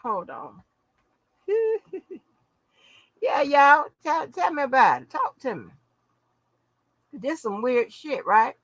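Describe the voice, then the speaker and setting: A woman's voice: high-pitched, very animated, slow, pauses often, fairly bright tone, dry recording, low-quality recording. A middle-aged woman hosting her own channel, chatting casually to viewers in a brash, profane, laughing way and calling them baby and honey. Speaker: channel host.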